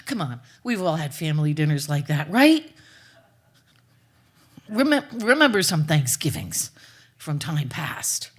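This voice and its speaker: A woman's voice: low-pitched, big pitch swings, a little slow, pauses often, husky. A woman storyteller telling a folk tale live, dramatic, with playful asides to the audience.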